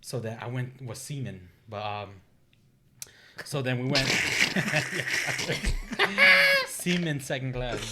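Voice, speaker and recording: A man's voice: medium pitch, background noise. A man in his thirties, a podcast guest, telling casual stories with lots of swearing and laughter and acting out what people said. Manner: animated, acts out quoted dialogue, swears and laughs often. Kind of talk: casual chat, storytelling.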